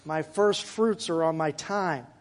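A man preaching a sermon to his congregation in a church, in a conversational way with asides and quick jokes. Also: on the high side. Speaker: pastor. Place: church sanctuary.

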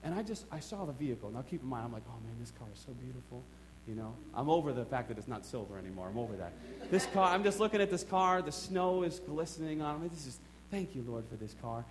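A middle-aged man preaching a sermon in a church, telling a personal story with emphatic swings between quiet asides and excited outbursts. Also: on the high side, fast, background noise. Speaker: pastor.

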